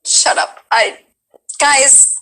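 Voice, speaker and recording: A woman from Colombia hosting a casual live stream, chatting to her guest and to the chat with quick asides. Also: high-pitched, pushed and bright, rough recording. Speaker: streamer host.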